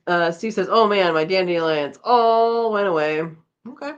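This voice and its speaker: A woman's voice: mid-range voice, moderate pace, smooth. A tired woman hosting a casual live chat, reading out viewer comments and chatting back with a laugh. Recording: slightly dull lo-fi audio.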